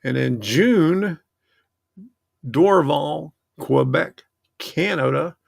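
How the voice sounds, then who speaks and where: A man's voice: on the high side, lively intonation, very slow, creaky, dry recording, clean studio sound. A man hosting a model train channel, chatting casually in a rambling, self-interrupting way. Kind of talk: casual livestream chat.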